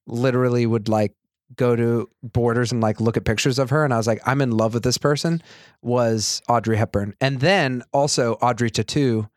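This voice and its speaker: A man's voice: mid-range voice, steady tone, normal speed, no room sound, studio quality. A man co-hosting a podcast, tossing out crude, laughing banter in casual chat. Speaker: podcast co-host.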